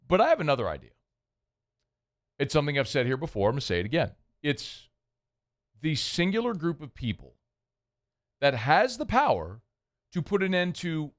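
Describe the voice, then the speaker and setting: Wry sports radio host, man. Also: fairly low pitch. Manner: conversational, wry, gets worked up. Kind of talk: sports talk radio monologue. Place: radio studio.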